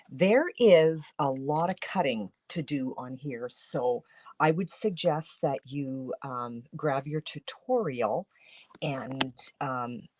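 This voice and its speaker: A woman's voice: deep voice, noisy background. A woman from Canada, a papercraft demonstrator, talking through a casual craft tutorial in a groggy morning voice, chatty with many fillers and restarts.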